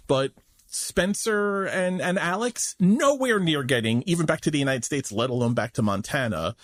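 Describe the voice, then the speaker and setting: Male podcast co-host, jokey and animated, dry close mic. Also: on the high side, no room sound. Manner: animated, jokey, laughs often. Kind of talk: casual TV recap chat.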